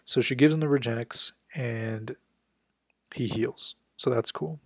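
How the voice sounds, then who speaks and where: A man's voice: medium pitch, no room sound. Casual man recapping a comic, dry sound. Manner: conversational, acts out characters' lines with quick quotes. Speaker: comic book reviewer.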